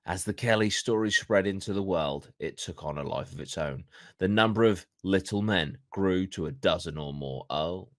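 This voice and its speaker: A man's voice: sits low, moderate pace, no room sound, studio quality. A man hosting a podcast, reading a story from notes with casual swearing and jokey asides. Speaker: podcast host.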